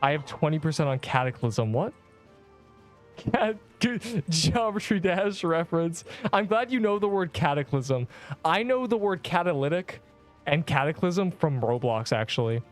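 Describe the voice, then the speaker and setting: A young man streaming a game, bantering sarcastically with his chat in a casual, joking way. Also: fairly high pitch.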